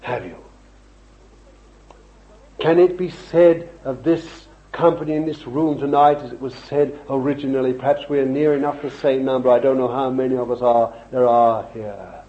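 A man preaching a fervent sermon to an evening meeting, pressing his listeners with repeated questions and swinging from loud cries to hushed asides. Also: medium pitch, steady tone, moderate pace, hardly any pauses. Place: evening meeting in a room with a congregation. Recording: dull lo-fi recording.

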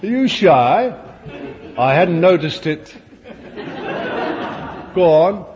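A dull, lo-fi recording with long hall reverb captures a man giving a fervent sermon before a church-hall congregation, with emphatic asides to his audience. His darkish, high-leaning voice is sing-song, and he draws out his words.

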